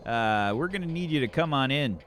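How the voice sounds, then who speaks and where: A man voicing a patient police officer who calmly pleads with a troublemaker to get in the car. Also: medium pitch, fairly quick, slight background noise, natural voice. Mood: weary. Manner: calm, pleading, tired.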